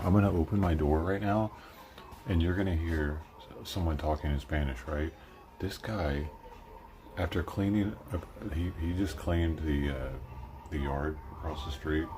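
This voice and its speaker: A man's voice: extremely low pitch, background noise. A man chatting casually to his live-stream audience from home, rambling and swearing freely. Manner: rambling, profane, talking to chat. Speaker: livestreamer. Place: at home by the front door.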